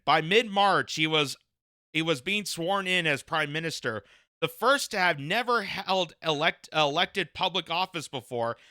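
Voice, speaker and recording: Sharp-voiced, combative male commentator. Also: on the high side, no echo, studio quality. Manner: combative, repeats phrases for emphasis. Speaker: political commentator. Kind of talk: reading news aloud with opinionated commentary.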